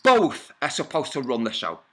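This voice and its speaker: A man's voice: mid-range voice, wildly swooping pitch, moderate pace, sharp tone. A man telling an angry first-person story for a vlog, combative and profane, with rambling asides. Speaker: vlogger.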